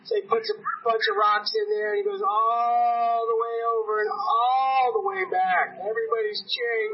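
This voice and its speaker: A man's voice: very high voice, animated, normal speed, few pauses. A man preaching a sermon in a church, telling a story and acting out the voices of the people in it. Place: church sanctuary. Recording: dull, lo-fi recording from a distance.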